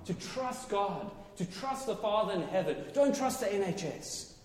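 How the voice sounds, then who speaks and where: A man preaching a sermon with loud, passionate, exclaiming delivery. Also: high-pitched, animated, moderate pace. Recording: echoey hall, faint ambience.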